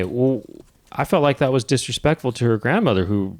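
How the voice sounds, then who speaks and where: A male comedian guest on a podcast talking in a deadpan, rambling, mock-serious way. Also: mid-range voice, fairly quick. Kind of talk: casual podcast chat.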